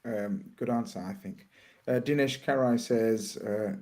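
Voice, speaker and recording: A man's voice: mid-range voice, mellow. A man hosting a casual live stream, reading out viewer messages and asking his guests about them. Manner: reads viewer messages aloud, halting. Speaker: host.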